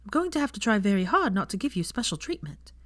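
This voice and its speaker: A woman voicing a kind, tired young woman in an audiobook reading, speaking softly and tenderly. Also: mid-range voice, sing-song, no room sound, studio quality, voice pushed up, close to an everyday voice. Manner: soft, tender, measured. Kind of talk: audiobook character voice.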